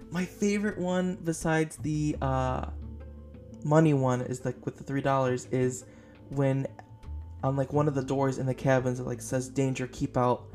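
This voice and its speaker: A man with a mid-range, slightly mellow voice hosts a casual podcast film review. Tired and up late without enough sleep, he rambles and gushes, leaning on many fillers.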